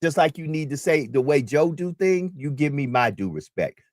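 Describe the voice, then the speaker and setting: A man's voice: fairly high pitch, animated, normal speed, a little mellow, no echo, clean studio sound. A man hosting a community talk radio show, speaking in an emphatic, preacherly way and repeating his key points.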